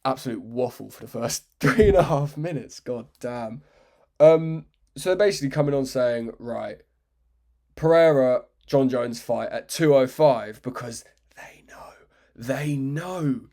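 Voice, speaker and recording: A man's voice: mid-range voice, a little slow, mellow. A man giving unscripted, rambling commentary, swearing freely and often cutting himself off, with a sarcastic edge. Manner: rambling, swearing, self-interrupting. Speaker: MMA commentary vlogger.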